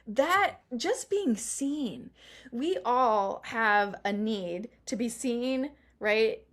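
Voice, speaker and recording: A middle-aged woman performance coach chatting as an interview guest, animated, laughing often and acting out the lines she quotes. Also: a little high, extremely slow. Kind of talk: casual interview chat.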